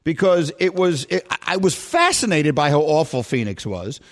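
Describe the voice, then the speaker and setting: A man's voice: fairly high pitch, very animated, normal speed. A man hosting a sports radio show, tired and giddy, laughing and teasing callers.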